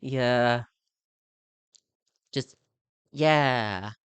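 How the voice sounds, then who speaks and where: A man's voice: mid-range voice, extremely slow, a bit bright, clean tone, no room sound. A young man chatting casually as a live streamer, speaking candidly and rambling with lots of filler words. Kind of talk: casual chat.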